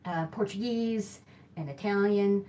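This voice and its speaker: A woman's voice: mid-range voice, unhurried, dark tone, a little hiss or hum. A woman with a Midwestern accent hosting a live-streamed hula hooping show, talking in a chatty, rambling way and often correcting herself. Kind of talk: casual live-stream chat.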